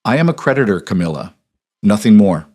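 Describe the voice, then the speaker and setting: A man voicing a composed young duchess who speaks low, even and cold in a storybook reading. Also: brisk.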